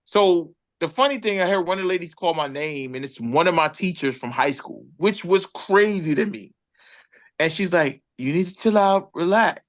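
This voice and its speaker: Animated Brooklyn rapper telling a story. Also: male voice, on the high side, normal speed. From Brooklyn, New York. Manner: animated storyteller, acts out other people's lines. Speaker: rapper guest. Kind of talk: casual storytelling interview.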